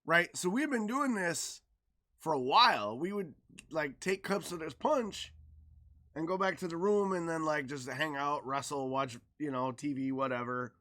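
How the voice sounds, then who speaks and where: A podcast co-host tells a story in casual chat, animated and swearing freely, loudly acting out the people he quotes. His voice runs on the high side at a moderate pace.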